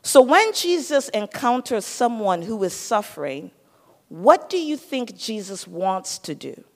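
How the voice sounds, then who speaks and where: Slow-speaking woman preaching in a hall. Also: medium pitch, sing-song. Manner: teaching, questioning the listeners. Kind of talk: sermon. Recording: long hall reverb.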